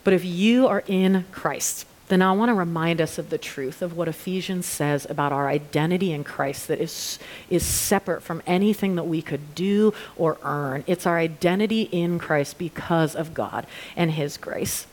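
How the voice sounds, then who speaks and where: A woman preacher giving an earnest altar call and prayer to a church gathering. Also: fairly low pitch. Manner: earnest, slow deliberate reading at times. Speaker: women's ministry preacher. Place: church with online viewers.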